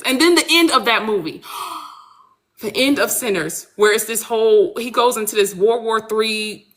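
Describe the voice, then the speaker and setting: A blunt, animated woman chats casually as a guest author. Her voice sits somewhat high with a bright edge. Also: normal speed. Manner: animated, blunt, swears freely. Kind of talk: casual podcast chat.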